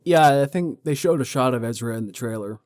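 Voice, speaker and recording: A man's voice: medium pitch, brisk, a little mellow, dry recording. Enthusiastic man, dry close sound. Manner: agreeable, enthusiastic. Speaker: podcast co-host. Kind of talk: casual chat.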